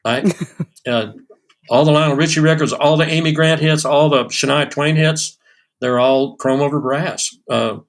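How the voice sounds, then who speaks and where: A session drummer in his sixties tells stories in a podcast interview, full of fillers and restarts. His voice runs on the high side at a moderate pace.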